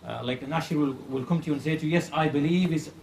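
Male religious teacher, slightly high voice, earnest and repetitive, faint hiss behind. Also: gravelly, darkish tone. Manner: earnest, repeats phrases for emphasis, slows to stress points. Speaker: Islamic creed teacher. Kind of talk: religious lecture retelling a classical story.

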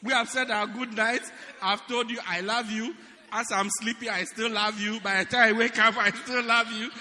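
Animated preacher, high bright voice. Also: male voice, moderate pace, long reverb tail. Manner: animated storytelling, laughing and shouting punchlines. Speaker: pastor. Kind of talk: humorous sermon.

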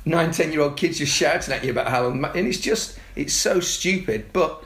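Man, gravelly, echoey room, animated storytelling. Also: normal speed. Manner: animated storyteller, mimics excited kids in a high voice. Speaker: youth football coach. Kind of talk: casual podcast chat.

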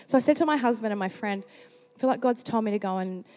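An Australian woman delivers a sermon in a chatty, storytelling manner, her voice sitting a little higher than most. Long reverb from a large church hall trails behind every phrase. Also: quick pace. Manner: chatty, animated storyteller who slips into quoted voices. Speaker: preacher.

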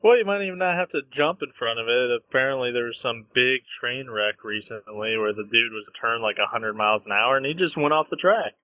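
A young man co-hosting a podcast in casual chat, laughing often and teasing with quick banter. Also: medium pitch, bright, forceful tone, no echo, poor audio. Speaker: podcast co-host.

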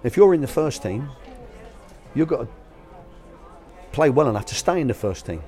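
A man's voice: medium pitch, sing-song, normal speed, mellow, soft background music. An older man, a guest telling anecdotes about coaching young players in a casual, colloquial way. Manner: anecdotal, colloquial, acts out quoted voices. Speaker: guest, former youth academy manager. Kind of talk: storytelling interview answers.

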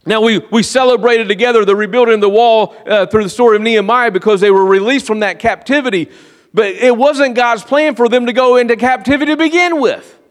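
High-pitched guy preaching in a big echoey church, earnest, goes soft and confiding sometimes. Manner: earnest preaching, often slowing down to drop quiet and confiding. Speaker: pastor. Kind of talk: sermon. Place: church sanctuary. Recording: long reverb of a large hall.

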